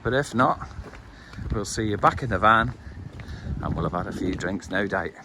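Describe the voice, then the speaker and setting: A man's voice: on the low side, expressive, moderate pace. A middle-aged Englishman vlogging casually outdoors at night, chatty with a dry wry humour, on a handheld camera. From England. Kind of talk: casual vlog narration. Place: outdoors in a windy town at night. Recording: wind noise outdoors.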